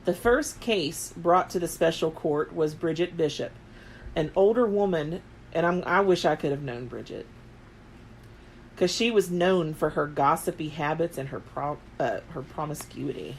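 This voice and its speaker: Late-30s woman podcaster, fairly low voice, loose rambly storytelling with lots of likes and ums. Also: unhurried, a little hiss or hum. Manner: rambling, heavy on filler words. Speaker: podcast co-host. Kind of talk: casual chat retelling history.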